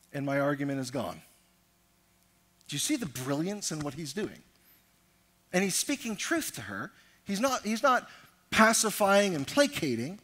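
High, bright-voiced preaching pastor. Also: male voice. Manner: emphatic preaching, swings from loud declarations to quiet asides; acts out quoted lines in changed voices. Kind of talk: sermon.

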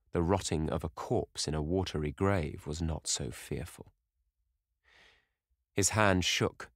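Male audiobook narrator, deep and measured, dry studio sound. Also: dry recording. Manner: measured, dramatic reading. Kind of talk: scripted narration.

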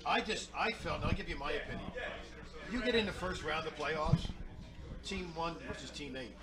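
A man, a retired basketball referee, talking casually on a sports radio panel with many restarts. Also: on the high side. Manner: halting, restarts often.

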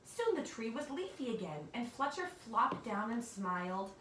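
Expressive woman reading a picture book aloud. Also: on the high side, normal speed. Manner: expressive, with asides to a child. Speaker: storybook reader. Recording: echoey room, far from mic, audible noise.

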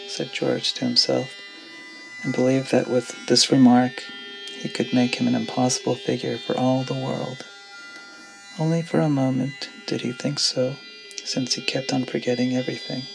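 A man reading classic fiction aloud as a steady, even narrator, with music underneath. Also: medium pitch, measured pace, vocal fry, rough recording.

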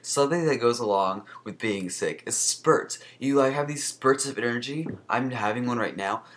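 A man's voice: normal speed, a little hiss or hum. A young man vlogging while sick, congested, coughing and short of breath, talking in a sarcastic, rambling way. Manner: sarcastic, rambling, animated jumps in pitch. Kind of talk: casual sick-day vlog.

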